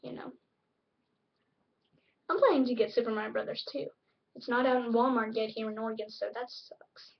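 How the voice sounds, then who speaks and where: A woman's voice: on the high side, normal speed, gravelly, pauses often, far from the mic, dull audio. A woman hosting a casual home vlog, chatty and rambling. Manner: rambling, chatty, filler-heavy. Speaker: vlog host.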